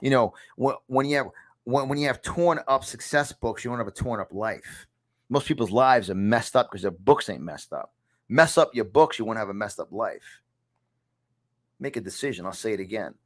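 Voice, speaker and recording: A man's voice: medium pitch, expressive, normal speed. A man in his fifties with a New York accent gives a motivational talk as a podcast host, repeating key lines in an emphatic, punchy, preacher-like delivery from a home studio. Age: 50s. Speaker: podcast host and success coach.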